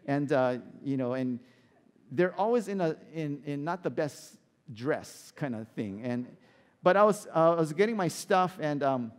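Animated male pastor in a reverberant hall. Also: a little high, measured pace. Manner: animated, rhetorical questions to the congregation. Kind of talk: sermon.

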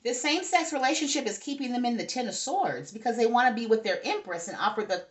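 A woman giving a casual tarot reading to her viewers, chatty and asking "okay?" over and over. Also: fairly high pitch. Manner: chatty, talks to spirits and viewers, frequent "okay?". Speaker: tarot reader.

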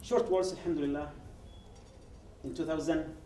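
A man's voice: fairly high pitch, normal speed, a little hiss or hum. Man telling his story in a roomy hall. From Yemen. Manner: animated, acts out quoted dialogue, frequent restarts. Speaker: guest speaker at a public event. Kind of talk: personal testimony told as a story. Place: event hall. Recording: roomy hall, speaker far from mic.

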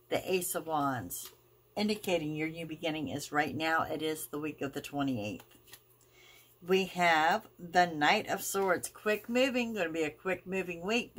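A woman hosts a weekly tarot reading in a low voice. She explains each card with emphatic, reassuring phrasing and often stretches her words out. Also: unhurried, fairly bright tone. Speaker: tarot reader.

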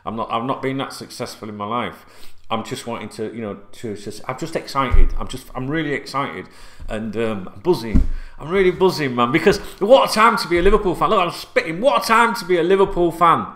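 A man vlogging as a football fan, rambling and swearing a lot, repeating himself and bursting into shouts, sitting at home. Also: medium pitch, animated, fairly quick. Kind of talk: excited unscripted video rant. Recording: echoey room.

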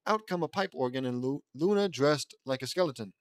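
A man's voice: mid-range voice, expressive, fairly quick, dry recording. Casual male fan-fiction reader. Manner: reads casually, stumbles and self-corrects. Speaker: audiobook reader.

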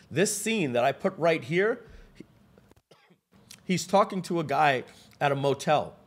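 A man presents a live webinar, telling stories with lively asides to the audience and restarting often. His voice is a little high and husky.

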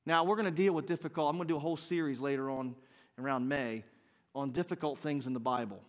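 A man in his fifties preaching a sermon as pastor, earnest and building to loud, emphatic bursts. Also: a little high, quick pace. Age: 50s.

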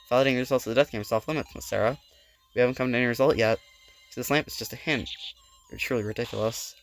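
Gravelly man reading game lines. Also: medium pitch, fairly bright tone. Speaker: let's play host. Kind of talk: reading game dialogue aloud and reacting.

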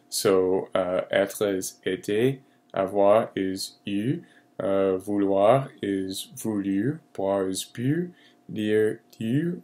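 A man teaching a recorded French lesson, slow and patient with many fillers, repeating each French phrase. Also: on the low side, a little mellow.

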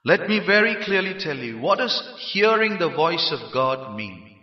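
A man from India preaching a sermon, emphatic and rising to shouts on key phrases. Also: a little high, very animated, measured pace. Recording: roomy hall, dull lo-fi sound.

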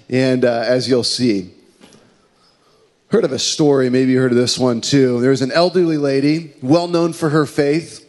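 A male pastor preaches in a fairly high, light voice, easing into his sermon with a conversational, story-driven manner. He mixes in casual fillers as he talks the congregation through the text. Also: a little mellow.

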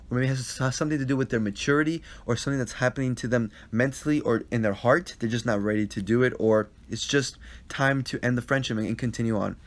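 A man at a middle pitch talks into his phone during a live Q&A, answering viewers' questions. He is earnest and a little repetitive, circling back over his advice and tossing in quick check-ins. His delivery is casual and conversational. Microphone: phone live stream.

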